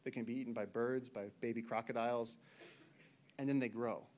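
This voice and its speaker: Animated man telling a jungle story. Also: mid-range voice, a little fast, slight background noise. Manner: animated, acts out shouted quotes. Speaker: naturalist giving a talk. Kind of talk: storytelling talk to an audience. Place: lecture hall, in front of audience.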